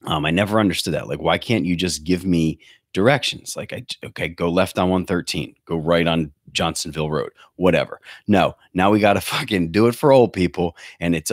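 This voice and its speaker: A man's voice: sits low, sing-song, a little fast, dry recording, studio quality. A man in his thirties hosting a podcast from his bedroom, ranting sarcastically with plenty of swearing. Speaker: podcast host. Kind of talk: comedic rant. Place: bedroom at home. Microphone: webcam setup.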